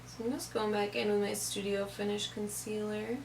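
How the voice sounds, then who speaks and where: A woman's voice: medium pitch, flat delivery, moderate pace, a little hiss or hum. A young woman casually narrating a makeup tutorial step by step, chatty with lots of "kinda, like".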